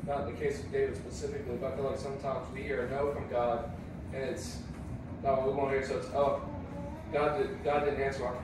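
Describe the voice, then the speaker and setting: A man's voice: mid-range voice, flat delivery, quick pace. A man in a small Bible study group, offering a tentative, thinking-aloud comment. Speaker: group member. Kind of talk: casual comment in discussion. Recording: far-off, very echoey, noisy room.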